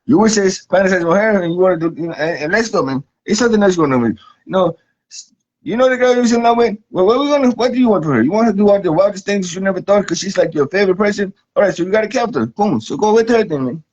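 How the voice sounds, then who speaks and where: A man's voice: high-pitched, expressive, fast, darkish tone. A man delivering a rambling, profane comic monologue, saying "man" at the end of nearly every line. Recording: dull lo-fi recording.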